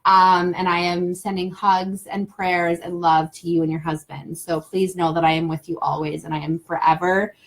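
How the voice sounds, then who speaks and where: A woman's voice: fairly low pitch, level tone, normal speed, few pauses. A young adult woman talking as a guest on a casual live stream, talkative, rambling and heartfelt.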